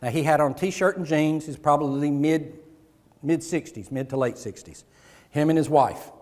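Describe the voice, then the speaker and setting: Animated male keynote speaker in reverberant hall. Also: a little high, normal speed. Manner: animated, acts out dialogue with audience. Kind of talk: motivational keynote storytelling. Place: large conference hall on stage. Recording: live hall with long reverb.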